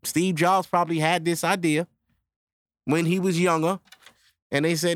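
A man's voice: fairly high pitch, level tone, dry recording. Loose, profane man riffing solo. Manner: loose, profane, acts out quick back-and-forth voices. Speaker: podcast host. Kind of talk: casual monologue.

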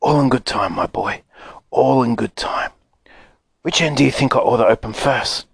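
A man voicing an excitable old grandfather who whispers secretively and splutters with excitement. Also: medium pitch, normal speed, creaky, breathy edge, dry recording. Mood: conspiratorial.

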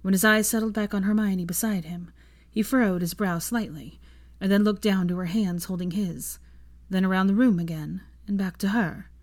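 A woman reading fan fiction aloud in a soft, intimate narrating voice. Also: mid-range voice, fairly even intonation, moderate pace, hardly any pauses. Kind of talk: audiobook narration.

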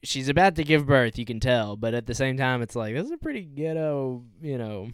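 A man's voice: mid-range voice, big pitch swings, brisk, smooth, no room sound, studio quality. A man co-hosting a podcast, recapping a movie scene by scene in a laid-back, casual way. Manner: laid-back recap, plot-walking with "from there". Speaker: podcast co-host. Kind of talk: casual film discussion.

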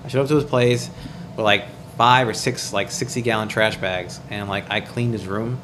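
A man telling a story in casual chat, animated and profane, acting out what he and others said. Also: on the low side, moderate pace, slight background noise. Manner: animated, profane, acts out quoted dialogue.

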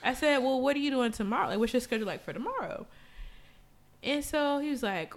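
A woman co-hosting a casual chat, telling stories in a frank, profane, animated way. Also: sits high, quick pace. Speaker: podcast co-host.

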